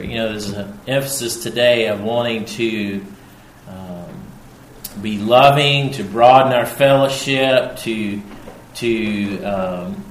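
Slow, emphatic preacher in an echoey room. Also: male voice, on the low side, a little hiss or hum. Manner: slow and emphatic, repeating key phrases. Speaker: pastor. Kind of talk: sermon. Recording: echoey room with faint ambience.

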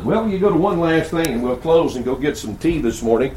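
Older male pastor, animated sermon delivery, roomy sanctuary sound. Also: fairly high pitch, a little fast, few pauses. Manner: preaching with rhetorical questions and storytelling. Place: church sanctuary.

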